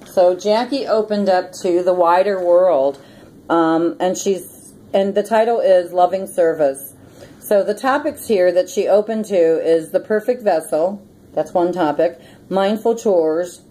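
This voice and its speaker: A woman's voice: lowish voice, warm tone, rough recording. A woman hosting a casual prayer and meditation vlog, chatty and rambling, who often breaks into laughter. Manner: chatty, rambling with many ums. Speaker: host of a prayer and meditation channel.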